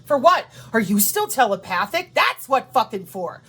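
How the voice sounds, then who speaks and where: A woman's voice: on the high side, sing-song, moderate pace, a bit bright, slightly rough. A woman hosting her own channel, delivering a profane, confrontational ranting monologue. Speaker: channel host.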